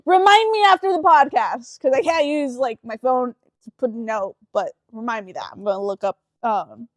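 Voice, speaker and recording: A young woman co-hosting a podcast with her brother, telling stories in animated, swearing casual chat. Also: fairly high pitch, moderate pace, dry recording. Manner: animated storytelling, swears freely. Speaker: podcast co-host.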